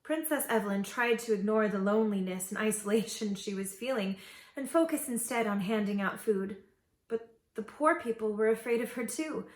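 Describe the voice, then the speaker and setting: A woman reading an original fairy tale aloud to children, with gentle, expressive storytelling. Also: mid-range voice, moderate pace. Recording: echoey room.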